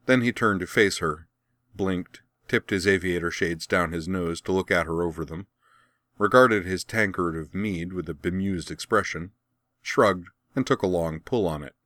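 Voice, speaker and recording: A man narrating a fan fiction story as an audiobook, with an even, wry storytelling manner. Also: sits low, moderate pace, no echo, studio quality.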